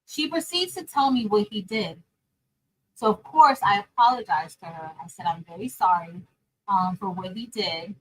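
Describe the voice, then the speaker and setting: A woman chatting casually and telling a story straight to her viewers, animated, calling them y'all and girl. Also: medium pitch, normal speed, breathy edge, rough recording. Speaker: crafting vlogger and teacher.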